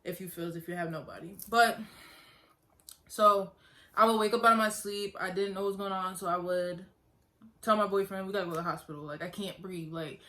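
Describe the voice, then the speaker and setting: A woman's voice: mid-range voice, fairly even intonation, fairly quick, sharp tone. A young woman earnestly telling her own story in a casual vlog, talking conversationally and repeating herself. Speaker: vlogger.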